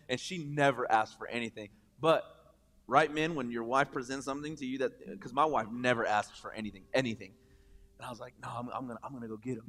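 A man in his thirties preaching a casual, jokey sermon with lots of restarts and asides. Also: mid-range voice. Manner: chatty, animated, jokey, many restarts. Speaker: pastor. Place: church hall with long reverb. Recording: church hall reverb.

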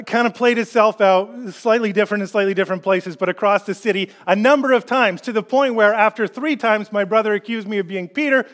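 A middle-aged man preaching a sermon, telling a personal story in an animated, joking way. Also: sits high. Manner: storytelling, animated and jokey, rising when quoting. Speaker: pastor.

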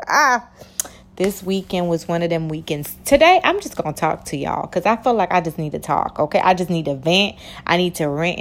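Lively young woman podcast host. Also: on the low side. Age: young adult. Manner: animated, playful, talks straight to listeners with slang. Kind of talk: casual confessional podcast chat.

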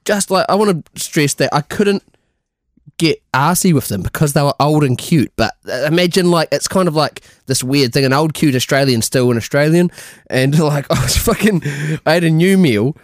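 A man's voice: fairly high pitch, moderate pace, no echo, studio quality. A young man, co-hosting a casual chat, swearing heavily and laughing through his anecdotes. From New Zealand. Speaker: podcast co-host. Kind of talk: casual pub-style chat.

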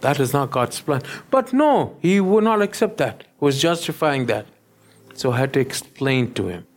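A pastor preaching a sermon, often stopping to check that the listeners follow him. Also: male voice, medium pitch, big pitch swings, normal speed. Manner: keeps checking in with the listeners, asking "yes?".

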